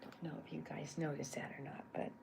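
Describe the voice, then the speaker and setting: A woman on a drawing live stream, talking softly in a half-whisper and rambling as she thinks aloud. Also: sits low, level tone, fast talker, creaky. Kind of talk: soft-spoken ASMR drawing stream. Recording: noisy home stream audio.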